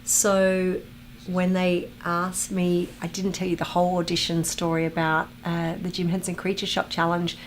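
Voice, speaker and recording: Chatty woman, low-pitched voice. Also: normal speed, slight background noise. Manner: chatty, reads viewer comments aloud and tells animated anecdotes. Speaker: actor hosting a fan watch-along. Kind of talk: casual livestream chat and storytelling.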